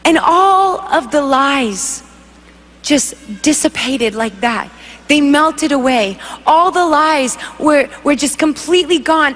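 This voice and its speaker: Woman, worship singer; high voice, animated testimony with acted-out voices, long reverb from a big hall. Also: slow pace. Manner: animated storytelling, acting out voices. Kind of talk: emotional spoken testimony.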